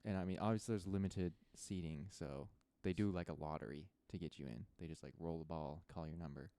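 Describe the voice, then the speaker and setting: A man's voice: deep voice, fairly even intonation, brisk, mellow, no room sound. A young man co-hosting a podcast in casual chat, laid-back, often trailing off mid-sentence. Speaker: podcast co-host.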